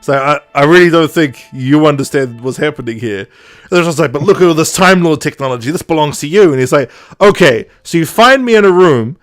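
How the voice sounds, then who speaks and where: Chatty man with a higher voice. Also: a little fast. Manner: chatty, animated, acts out quoted dialogue with laughs. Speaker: podcast host. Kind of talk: casual chat, retelling a story.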